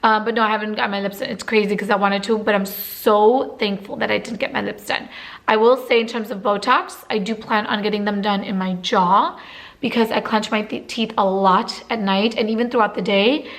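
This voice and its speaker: A woman's voice: medium pitch, steady tone, a little fast. A woman in her twenties talking casually to camera as a beauty vlogger, chatty and full of fillers.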